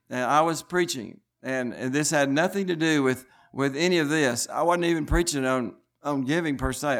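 A man's voice: mid-range voice, fairly bright tone. A man preaching a sermon, telling stories in an earnest, insistent way with many restarts. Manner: rambling storytelling with frequent restarts.

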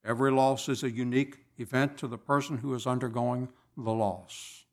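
A man preaching a sermon in a slow, deliberate way with measured pauses. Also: medium pitch, steady tone.

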